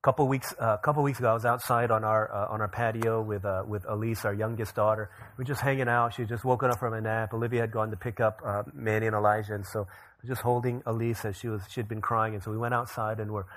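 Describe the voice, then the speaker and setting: A man's voice: fairly low pitch, fairly even intonation, fast talker, a bit bright. A man in his thirties preaching a sermon in a conversational, storytelling way. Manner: conversational storytelling, frequent fillers and restarts. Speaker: pastor. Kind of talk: sermon with personal anecdote.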